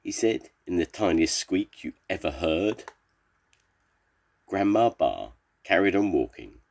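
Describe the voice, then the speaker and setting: Older grandad reading a kids book, slow, gravelly and deep. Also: male voice. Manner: slow, expressive storybook reading. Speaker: storyteller grandfather. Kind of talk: reading a children's story aloud.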